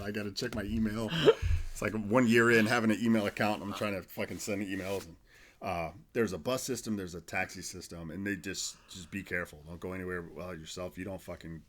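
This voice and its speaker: A man's voice: low voice, brisk, fairly bright tone. A man in his forties, an army veteran guest, telling stories in loose, profane, casual podcast chat. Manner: loose, profane storytelling with restarts.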